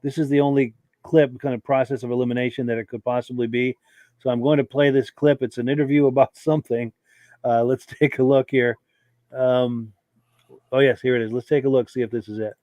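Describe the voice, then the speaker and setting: A man's voice: medium pitch, level tone, a little fast, mellow, dry recording. Man, podcast host, casual and friendly, reads comments, dry close sound. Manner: easygoing, frequent filler words, thanks viewers. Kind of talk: live podcast chat, reading viewer comments.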